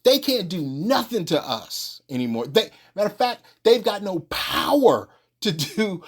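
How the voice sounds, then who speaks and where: Unhurried lay preacher, informal sermon, emphatic with rhetorical questions and many restarts. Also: mid-range voice, big pitch swings, slightly rough. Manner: colloquial, restarts mid-phrase. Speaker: religious teacher.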